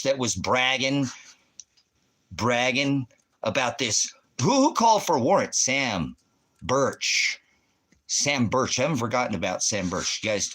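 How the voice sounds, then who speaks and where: A man's voice: mid-range voice, pushed and bright. A middle-aged man ranting on a livestream, confronting chat viewers by name in a preachy, combative way. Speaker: livestreaming ministry host.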